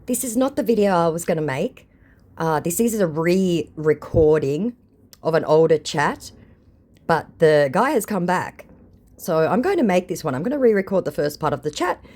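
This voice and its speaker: Animated, sarcastic woman from Australia. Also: fairly low pitch, moderate pace. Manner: mocking, sarcastic. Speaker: channel host. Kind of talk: sarcastic chat recounting messages.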